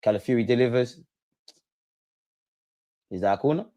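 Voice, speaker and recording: At a normal speed and in a medium-pitched, dark voice, a man hosts a football watch-along and reacts to the match live. His casual, slangy commentary is aimed emotionally at the players and referee on screen and includes some swearing.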